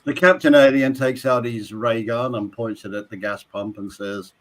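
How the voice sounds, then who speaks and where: A man's voice: mid-range voice, moderate pace, poor audio. A man co-hosting a live drone show, telling a joke aloud. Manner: lively joke-telling with voices. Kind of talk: live-stream casual chat.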